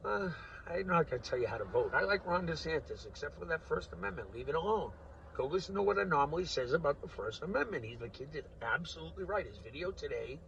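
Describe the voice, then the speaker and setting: A man's voice: on the high side, animated, quick pace, vocal fry, distant mic, a little hiss or hum. Rambling, profane man ranting on a lo-fi recording. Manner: rambling, profane, laughs often, swings from loud rants to muttering. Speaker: vlogger. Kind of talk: rambling political monologue.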